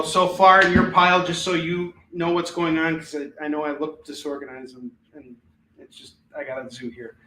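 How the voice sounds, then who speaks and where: A chatty man runs a live sale from home, rattling off comic books and prices in easygoing patter. His voice is bright and a touch high, and it rings around an echoey room. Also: a little hiss or hum. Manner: chatty, upbeat, laughs often, counts off books quickly. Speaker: host selling comics on a live stream. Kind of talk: casual live sales patter. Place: his home, with kids in the house.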